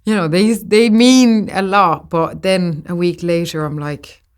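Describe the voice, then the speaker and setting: An Irish woman in her thirties, a guest actor chatting casually in an interview, lively and often laughing. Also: fairly low pitch, a little slow, clear, resonant tone. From Ireland.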